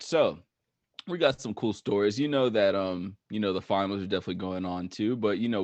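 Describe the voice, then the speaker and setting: A man's voice: sits low, no echo. A man hosting a casual sports podcast, talking loosely with lots of filler words. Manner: loose, laid-back talk full of "like" and "right on". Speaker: podcast host.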